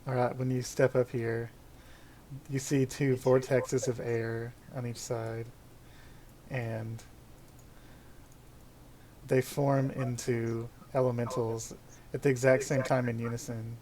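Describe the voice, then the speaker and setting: A man narrating as game master of a tabletop game, setting scenes in a slow, descriptive way. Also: mid-range voice, little pitch movement, a little mellow.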